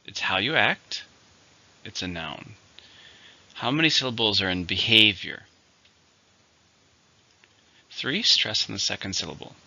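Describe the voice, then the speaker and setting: A man teaching English vocabulary, giving each word's syllables and stress before saying it clearly and using it in an example sentence. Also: lowish voice, expressive, bright, forceful tone. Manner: slow, deliberate word drills with example sentences. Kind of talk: vocabulary lesson. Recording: slightly dull lo-fi recording.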